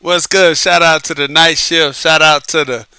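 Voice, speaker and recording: Bright, high-voiced man hosting his show. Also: normal speed, clear, resonant tone, no room sound. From United States. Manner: lively, repetitive, laughs often. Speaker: podcast host and author. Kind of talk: casual late-night monologue. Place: Southern California.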